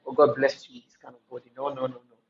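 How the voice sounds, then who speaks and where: A woman with a Nigerian accent talks rapid-fire in a rumbling low voice that barely shifts in pitch. In a casual monologue she tells stories at length, emphatic and talkative, repeating herself for stress. The room recording is echoey and slightly dull.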